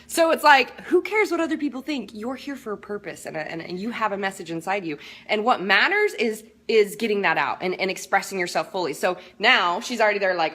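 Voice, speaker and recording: A woman's voice: medium pitch, lively intonation, brisk, fairly bright tone. A middle-aged woman hosting a casual coaching chat, bubbly and upbeat, laughing often. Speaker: life coach and show host.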